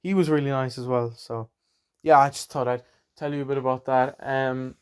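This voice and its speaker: A man's voice: mid-range voice, fairly even intonation, moderate pace, clean tone. A young Irish man hosting his own podcast, rambling and chatty with a self-deprecating streak. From Ireland. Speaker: podcast host. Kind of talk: casual solo podcast chat.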